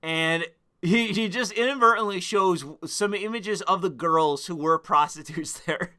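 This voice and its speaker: A young man streaming and rambling crudely, bursting into excited outbursts. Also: high voice, unhurried. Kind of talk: casual stream commentary.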